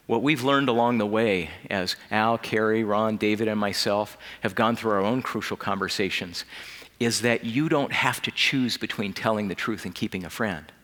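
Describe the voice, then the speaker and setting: Man, keynote speaker, earnest storytelling, bright voice, long hall echo. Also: fairly low pitch, unhurried. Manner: earnest, drops to a hushed voice in emotional passages. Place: conference hall.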